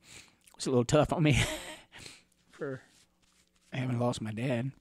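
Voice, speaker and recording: A middle-aged man from the Catawba Nation telling personal stories in an interview, rambling gently with chuckles and fillers. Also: medium pitch, steady tone, measured pace, breathy edge, dry recording, clean studio sound. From Catawba Nation, Carolinas, USA.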